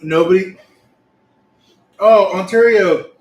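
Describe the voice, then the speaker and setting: A man hosting a casual livestream while he works, talking to himself in a relaxed, mumbling way. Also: high-pitched, takes it slowly, dull audio. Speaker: livestream host, dumpster rental owner. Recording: echoey room with faint noise.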